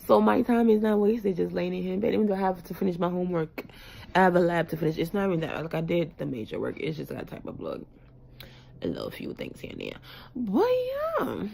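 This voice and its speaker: A woman's voice: on the low side, gravelly, mellow, poor audio. A young woman from West Africa, sick and dizzy in bed at home, chatting playfully to her viewers in slang and repeating words for effect. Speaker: vlogger. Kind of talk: casual chat to camera.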